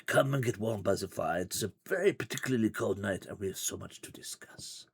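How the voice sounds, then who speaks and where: A man voicing a mysterious fortune-teller woman with a husky, soothing Eastern European accent, hushed and low. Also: expressive, a little fast. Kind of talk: reading a gamebook aloud on a livestream.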